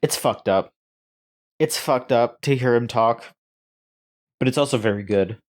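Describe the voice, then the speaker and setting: A man co-hosting a casual gaming news podcast, rambling and halting with frequent restarts and fillers. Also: mid-range voice. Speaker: podcast co-host.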